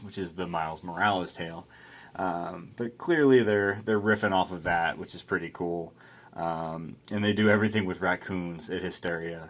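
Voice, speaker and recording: A man co-hosting a beer review show, talking in a laid-back, rambling way with plenty of fillers. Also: low voice. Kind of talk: casual beer review chat.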